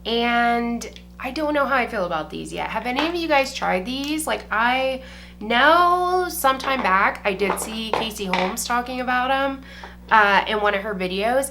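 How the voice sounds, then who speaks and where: A young woman with a bright, forward voice chats casually to camera as she does her makeup. She rambles loosely, swears without a second thought and fills her talk with "like." A faint hum of noise sits under her voice. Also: a little high. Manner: chatty and profane, heavy use of "like". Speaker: beauty vlogger. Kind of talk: casual chat while doing makeup.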